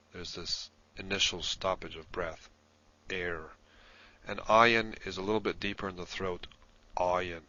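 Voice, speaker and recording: A man narrating a recorded language lesson, slow and deliberate, pausing with frequent ums as he explains. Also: low-pitched, pushed and bright. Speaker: Hebrew course narrator. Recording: dull lo-fi audio.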